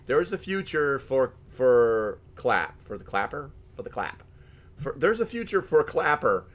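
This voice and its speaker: A middle-aged man in easygoing live-stream chat, joking his way through viewer comments and laughing often. His voice sits at an ordinary middle pitch. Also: sing-song, unhurried, a bit bright.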